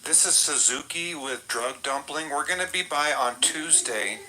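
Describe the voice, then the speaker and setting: A man making a prank phone call in a deadpan, mock-official telemarketer tone. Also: on the high side, moderate pace. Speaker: prank caller.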